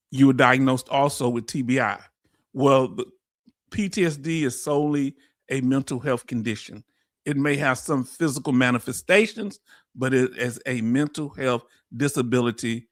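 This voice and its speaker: A man with a Houston, Texas accent hosts a casual live-stream explainer. He talks in an energetic, folksy way and keeps addressing his audience as family. His voice sits at a middling pitch, and the sound is dry and close. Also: no echo. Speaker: host.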